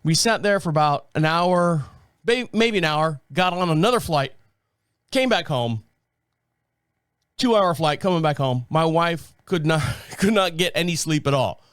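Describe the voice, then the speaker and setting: A man's voice: fairly high pitch, a little slow, clean tone, no room sound, studio quality. A man hosting a podcast, telling a casual story with lots of swearing and laughter. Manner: animated, profane, laughs often. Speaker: podcast host.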